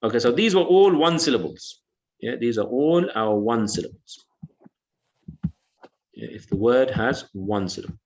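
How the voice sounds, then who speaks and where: Male English teacher, patient and repetitive, mid-pitched, dull online-class audio. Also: lively intonation, normal speed, long pauses, a little mellow. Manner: patient, repeats words and says "yeah" often.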